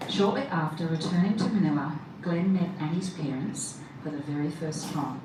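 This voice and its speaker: A woman leads a wedding ceremony, talking to the gathered guests in a chatty, upbeat way. Her voice sits a little low, and it comes from some distance off. The sound is heavily echoey, with clear background noise. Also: normal speed. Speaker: wedding celebrant.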